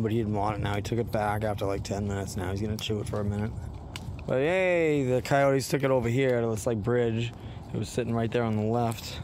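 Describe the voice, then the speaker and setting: A dog trainer from Massachusetts chatting casually through a vlog, breaking into a high baby voice to talk to the dogs. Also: male voice, a little mellow, a little hiss or hum. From Massachusetts, USA.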